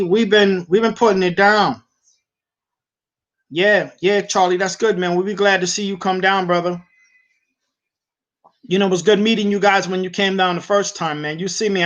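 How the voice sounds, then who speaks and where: Animated slangy man hosting a livestream. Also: sits high, lo-fi sound. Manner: animated storytelling with slangy, repetitive speech. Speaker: livestream host. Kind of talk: casual livestream chat.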